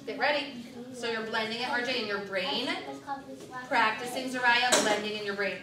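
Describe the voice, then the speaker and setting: A woman teaching first graders to blend words, with clear, directive prompts and counting down. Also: on the high side, normal speed, heavy background noise. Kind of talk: classroom reading lesson. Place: classroom. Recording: echoey classroom from far off, children around.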